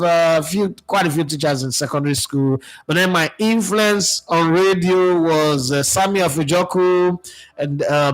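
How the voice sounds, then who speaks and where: A Nigerian sports radio presenter speaking in a casual, animated monologue, mixing in pidgin phrases as he reflects. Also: fairly high pitch, low-quality recording.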